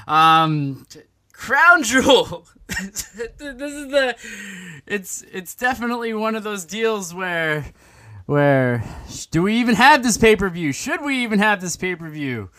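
Rambling high-voiced man hosting a podcast. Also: big pitch swings, a little slow, sharp tone. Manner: rambling, self-interrupting, laughing. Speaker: podcast host. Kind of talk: casual comedy podcast chat.

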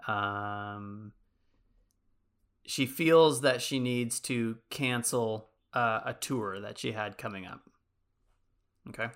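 A man co-hosting a podcast, casually pitching a movie sequel in a rambling way, full of likes and ums. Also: takes it slowly, pauses often, a bit bright, clean tone. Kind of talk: casual chat.

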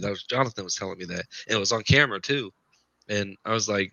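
A man's voice: fairly low pitch, fast, vocal fry, pushed and bright, no room sound. A man telling his paranormal investigation stories in a casual, rambling way, often repeating himself. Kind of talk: casual podcast storytelling. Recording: dull lo-fi podcast audio.

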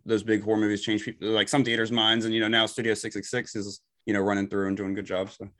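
A man's voice: lowish voice, little pitch movement, fast talker, fairly bright tone. A young man hosting a podcast, laid-back and full of fillers, swearing freely in casual chat. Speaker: podcast host.

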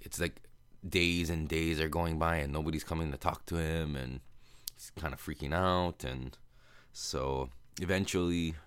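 Man, podcast host, rambling movie recap, very low voice, dry close sound. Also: a bit bright, clean tone, dry recording. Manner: rambling, loose retelling with fillers and swearing; acts out characters' lines in quick voices.

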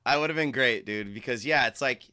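A man's voice: mid-range voice, fairly quick, pushed and bright. A man co-hosting a podcast in casual chat, laid-back, laughing a lot and saying dude and man.

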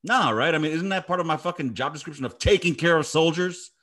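A man's voice: fairly high pitch, fast, a bit bright. A middle-aged man who is an army veteran, talking casually and telling stories with heavy, emphatic swearing. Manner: profane, emphatic storytelling. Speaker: podcast host, army veteran. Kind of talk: casual chat.

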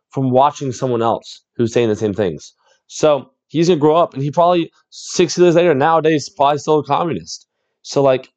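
Host, male, lively reacting voice with frequent laughs, slightly dull recording. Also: on the high side. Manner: amused, laughs often, repeats exclamations. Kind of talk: casual reaction commentary.

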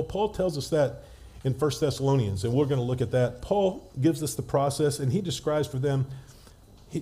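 A man preaching a sermon, telling stories conversationally with frequent restarts and slowing down to read scripture. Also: mid-range voice, dark tone.

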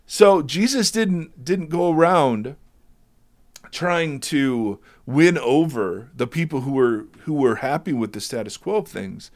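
A man with a slightly higher voice and a very lively, swooping delivery, talking about scripture with emphasis and feeling. He presses his points with rhetorical questions and sounds emotional, near tears. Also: takes it slowly. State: teary. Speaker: Bible teacher in discussion. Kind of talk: conversational Bible discussion.

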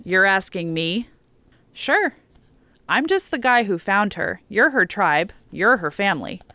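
A woman's voice: medium pitch, very animated, unhurried, bright, forceful tone, no room sound. A woman voicing a blunt, protective young man, tired and plain-spoken, in an audiobook story. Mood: weary.

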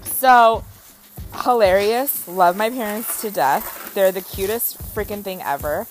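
A woman's voice: medium pitch, unhurried, faint music behind, low-quality recording. A young adult woman vlogging in a casual, dramatic storytelling manner. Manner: dramatic, animated storytelling with acted quotes. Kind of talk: casual chat to camera.

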